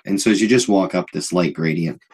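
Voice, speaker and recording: Husky, deep-voiced man game master. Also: a little fast. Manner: relaxed, hesitant, many fillers. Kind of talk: narrating a tabletop game.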